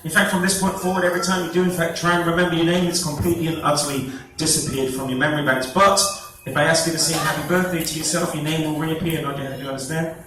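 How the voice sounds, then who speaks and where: Performing before a fair audience, a male stage hypnotist speaks quickly in a fairly high, flat voice, repeatedly coaxing his volunteers with playful commands. The capture sounds distant and echoey, with a noisy crowd around him.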